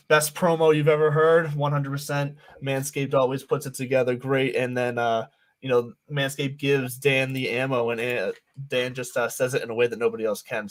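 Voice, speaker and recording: A man hosting a fantasy football show, thinking out loud and checking stats as he talks. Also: medium pitch. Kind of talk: casual sports chat.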